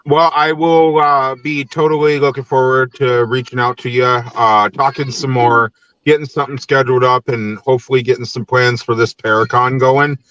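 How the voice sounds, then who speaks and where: A man's voice: mid-range voice, steady tone, normal speed, a bit bright, smooth, dry recording, muffled recording. A young adult man from Tennessee hosting a podcast in casual chat, easygoing, laughing often and using many fillers. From Nashville, Tennessee. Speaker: podcast host.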